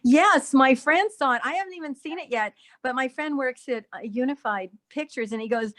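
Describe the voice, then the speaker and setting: A woman's voice: high-pitched, animated, brisk, hardly any pauses, fairly bright tone. A woman guest telling stories from her acting career in a casual chat. She laughs often and slips into accents mid-story. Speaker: guest actress.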